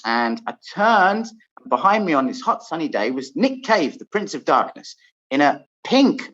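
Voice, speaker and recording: Lively English man telling stories. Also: on the high side. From England. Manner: lively storytelling with frequent laughs. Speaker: host. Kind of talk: casual chat. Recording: dull lo-fi sound.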